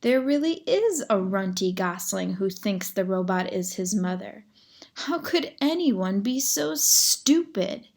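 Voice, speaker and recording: A woman's voice: medium pitch, lively intonation, takes it slowly, creaky, darkish tone, full character voice. A woman voicing a young, bossy female bear in a storybook, sarcastic and mocking.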